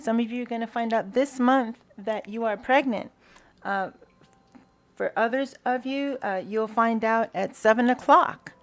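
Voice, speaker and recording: A woman giving a spiritual tarot reading, soft-spoken and hesitant, with many fillers and pauses. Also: on the high side. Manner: invocation-like gratitude prayer. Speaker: tarot reader.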